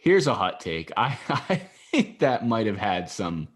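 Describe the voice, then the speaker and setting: A man with a lowish voice co-hosts a casual podcast. He is sarcastic and jokey, and laughs quickly between riffs. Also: sing-song, a little hiss or hum. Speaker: podcast co-host. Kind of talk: casual chat.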